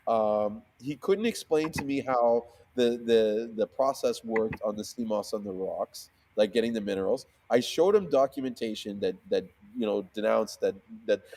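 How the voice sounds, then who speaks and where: A man in a casual interview, telling a story with lots of swearing and restarts. He acts out the other people in it with sudden jumps in pitch, from low and quiet to high and loud. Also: slight background noise. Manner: swears freely, acts out quoted voices with sharp pitch jumps; fillers and frequent restarts. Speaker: seamoss seller, guest.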